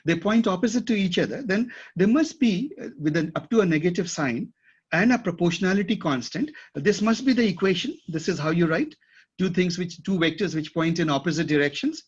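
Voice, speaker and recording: Husky-voiced man lecturing a class. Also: high voice, lively intonation, a little fast. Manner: checks in with students often, thinks aloud. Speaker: instructor. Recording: dull lo-fi classroom recording.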